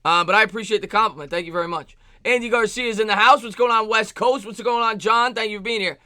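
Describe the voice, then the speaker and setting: A man hosting a live sports stream, greeting chat viewers by name in quick shout-outs. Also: sits high, no echo.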